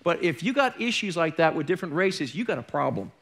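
A man's voice: fairly high pitch, big pitch swings, quick pace, gravelly, a bit bright. A middle-aged man preaching a sermon as a pastor, candid and conversational, with joking asides. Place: church.

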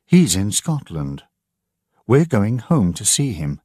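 A man voicing a frightened young mother in an audiobook, with a shrill, pleading voice. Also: very animated, takes it slowly, darkish tone, no room sound, clean studio sound, exaggerated voice. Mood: anxious. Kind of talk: audiobook character voice.

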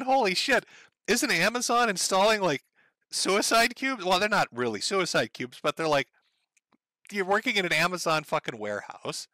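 A sardonic man live-streams from his desk, swearing freely while he rants and reads out viewer donations in casual commentary. His bright voice swings widely in pitch, and the close microphone gives a dry, present sound with no echo.

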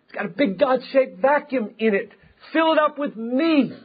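Preacher guy doing god, big pleading male voice, husky, kinda muffled recording. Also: extremely high pitch, lively intonation, normal speed, voice pushed up, heavily acted. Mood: fervent. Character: God speaking, a commanding divine male voice. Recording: dull lo-fi sound.

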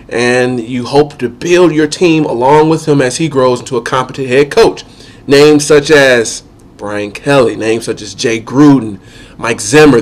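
A man with a cold and a nasal voice, giving methodical opinion commentary on football as an analyst. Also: fairly high pitch. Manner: measured, methodical, lists points one by one.

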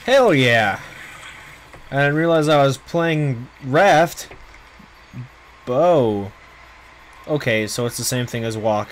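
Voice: medium pitch, animated, takes it slowly, long pauses, slight background noise, poor audio. A streamer giving casual let's play commentary on a horror game, panicking and swearing and laughing between scares. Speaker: gameplay streamer.

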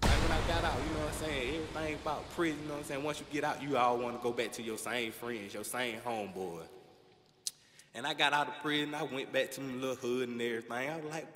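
Young male stand-up, profane and animated storyteller, live set, echoey room. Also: medium pitch, quick pace. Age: young adult. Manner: profane, animated storytelling with constant "you know what I'm saying". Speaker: stand-up comedian. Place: comedy club stage.

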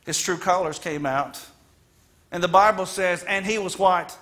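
A man preaches a sermon in a church with an earnest, emphatic delivery. His voice sits high for a man and sounds bright and forward. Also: unhurried. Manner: earnest, emphatic, dramatic storytelling. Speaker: guest minister. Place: church sanctuary.

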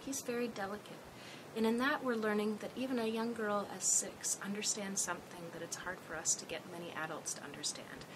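A woman's voice: medium pitch, fairly even intonation, fairly quick, hardly any pauses, background noise. A woman trainer giving a thoughtful, explanatory presentation as she recounts an emergency call.

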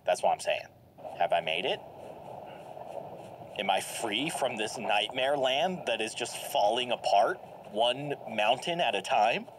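A man giving lively, jokey commentary while playing a video game, reacting aloud and laughing often. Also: medium pitch, a little hiss or hum. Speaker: gameplay commentator. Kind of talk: let's play commentary. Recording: game music playing behind. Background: game music.

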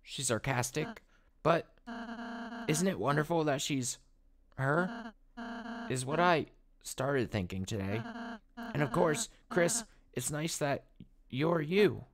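A man voicing a gentle, shy young male goat prince who speaks softly and sincerely, with some hesitation. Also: fairly high pitch, animated, slow, long pauses, voice pushed up. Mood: tender.

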